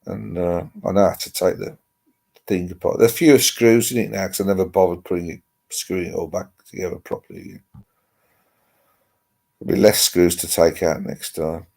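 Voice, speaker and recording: A man's voice: deep voice, steady tone, moderate pace, vocal fry, darkish tone. A man hosting a casual livestream chat, rambling and chatty with mild swearing, talking into a laptop mic at home. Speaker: livestream host. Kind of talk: casual chat with live viewers. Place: home, seated with laptop on lap. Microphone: laptop microphone.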